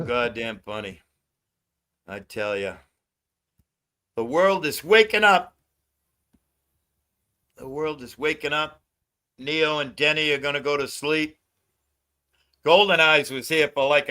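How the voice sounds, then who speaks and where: A man's voice: medium pitch, bright, forceful tone, clear, resonant tone. A man hosting a casual livestream, ranting with lots of swearing and frequent laughter. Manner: profane ranting, laughs often. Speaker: livestream host.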